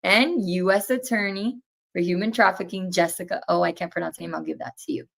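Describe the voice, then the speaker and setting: A woman's voice: on the low side, steady tone, fairly quick, gravelly, fairly bright tone. A woman in her twenties, a guest telling a personal story in an earnest, indignant way and acting out each exchange as she goes. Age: 20s.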